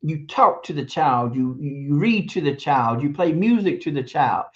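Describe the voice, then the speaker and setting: This is a stream host with a middle-pitched voice, delivering a preachy, emphatic monologue about raising kids. The speaker repeats words for stress and chuckles now and then. The audio is muffled, like a lo-fi stream capture. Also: animated, normal speed. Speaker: teacher. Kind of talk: casual advice monologue on parenting.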